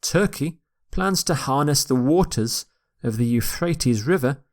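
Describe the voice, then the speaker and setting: A man teaching English vocabulary in a lecture, slowly repeating each word and its pronunciation for learners. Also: medium pitch, animated. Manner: slow and deliberate, repeating words for pronunciation.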